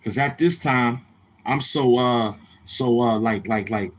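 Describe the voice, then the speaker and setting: A man hosting a casual livestream, talking in a loose, streetwise way. He says he is a little tired, and he sometimes gets loud and animated. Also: medium pitch, slow pace. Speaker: livestream host. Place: outdoors near a street, car noise heard.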